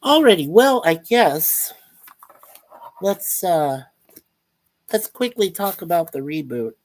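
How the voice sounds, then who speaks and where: A man's voice: a little high, expressive, slow, darkish tone, dry recording. A man hosting a casual livestream, chatting upbeat and reading out viewers' chat messages. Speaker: livestream host.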